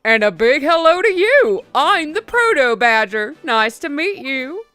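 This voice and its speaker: Cheerful park mascot, woman streamer putting it on; high, bouncy, odd accent. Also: big pitch swings, measured pace, sharp tone, faint music behind, full character voice. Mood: chirpy. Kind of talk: reading game dialogue aloud.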